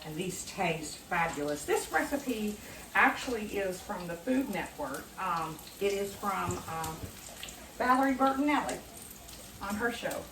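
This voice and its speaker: A woman's voice: medium pitch, lively intonation, unhurried, fairly bright tone, a little hiss or hum. Woman, home cooking vlogger, chatty and upbeat, recorded from a distance in an echoey kitchen. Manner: chatty, enthusiastic, talks to viewers as friends. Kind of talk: casual cooking demonstration.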